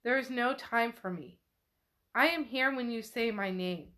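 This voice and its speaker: Woman reading as a male demon spirit, sad, possessive, slow, mournful, fairly high voice, podcast book recap. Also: bright, forceful tone. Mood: pleading.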